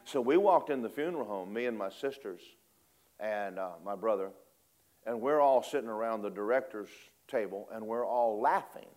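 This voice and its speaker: A man preaching a storytelling sermon, animated, acting out voices and laughing often. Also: on the low side, normal speed.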